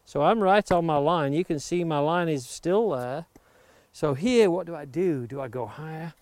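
This hands-on demonstration tutorial features a woodcarving instructor, recorded near the coast outdoors, explaining step by step how to axe a wooden blank into shape while stressing safety. His voice sits on the high side with a darkish tone and normal speed, with no echo. Chopping and clicks are clearly heard behind him.

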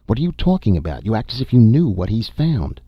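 A man reading a science fiction audiobook, voicing a tense, bitter young woman explorer with a sharp, irritable delivery. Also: lowish voice, big pitch swings, fast, breathy edge, dry recording, muffled recording, pitched above the performer's own voice.

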